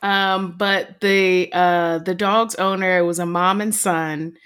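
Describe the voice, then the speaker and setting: A woman's voice: on the low side, takes it slowly, clean tone. Giggly woman telling a story. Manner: animated storyteller, giggles mid-sentence. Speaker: podcast co-host. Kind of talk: casual storytelling chat.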